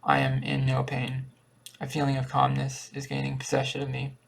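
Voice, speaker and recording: A man reading as a gentle dying old uncle. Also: medium pitch, completely flat delivery, moderate pace, gravelly, a little hiss or hum. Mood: calm.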